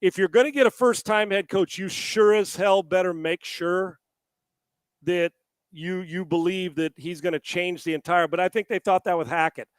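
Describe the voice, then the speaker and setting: A man co-hosting a casual sports talk show, animated and profane, often stammering and restarting his sentences. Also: sits high, normal speed, clear, resonant tone, no room sound. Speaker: sports analyst co-host.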